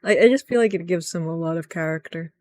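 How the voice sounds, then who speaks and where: A woman's voice: lowish voice, fast talker, darkish tone, no echo. A woman casually recapping a video game's story, chatty and rambling, who acts out the lines she quotes. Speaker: gaming video host.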